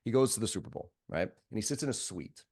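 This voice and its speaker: A man, a sales trainer guest on a podcast, talks bluntly and swears freely while telling animated stories. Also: on the low side, quick pace, breathy edge. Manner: blunt, profane, animated storyteller. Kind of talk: podcast conversation.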